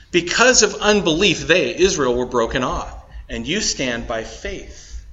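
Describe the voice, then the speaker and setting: A man's voice: medium pitch, a bit bright. A male pastor preaching a sermon, stressing words by rising and dropping his voice. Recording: dull lo-fi recording.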